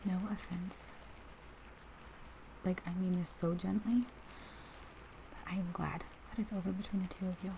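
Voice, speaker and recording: Whispered role-play: woman playing a protective best friend, warm fry-edged voice, faint hiss. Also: fairly low pitch, steady tone, moderate pace, long pauses. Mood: gentle, comforting. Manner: heated then tender, talks straight to the listener. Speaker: ASMR role-play performer.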